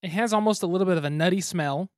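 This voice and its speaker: A man hosting a board game podcast in a relaxed, chatty way, talking into a mic on a stand. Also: high voice, racing, no echo, clean studio sound. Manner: relaxed, chatty, laughs easily. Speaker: podcast host. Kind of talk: casual chat.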